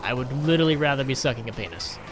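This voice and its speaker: A man's voice: mid-range voice, expressive, rapid-fire, soft background music. A young man hosting a gaming channel, telling rambling, profane stories while frustrated at a hard game. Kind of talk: casual gameplay commentary.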